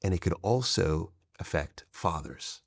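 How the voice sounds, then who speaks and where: Male host, earnest and explanatory; low voice that moves around a lot. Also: lively intonation, a little slow, creaky, dry recording, studio quality. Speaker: podcast host and relationship coach. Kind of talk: interview questions.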